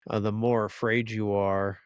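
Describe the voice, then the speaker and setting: A man's voice: on the low side, level tone, normal speed, clean tone, no echo, muffled recording. A male podcast host chatting casually in a laid-back way, swearing now and then.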